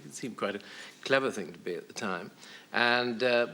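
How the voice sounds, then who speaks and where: A man, a guest on a television chat show, telling anecdotes in a wry, hesitant way with many pauses and fillers. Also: mid-range voice, creaky, pushed and bright, slight background noise. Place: television studio.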